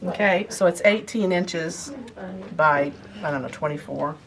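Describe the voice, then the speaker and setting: A woman's voice: fairly low pitch, unhurried. A woman giving a casual sewing demonstration, chatting as she explains each step while she handles the materials. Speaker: sewing instructor.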